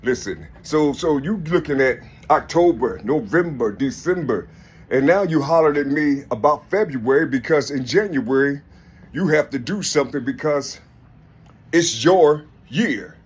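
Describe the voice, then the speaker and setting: A man's voice: on the high side, animated, unhurried, breathy edge. A man talking in a rambling, casual monologue, laughing often and repeating "listen" and "you see" as he addresses an unseen listener.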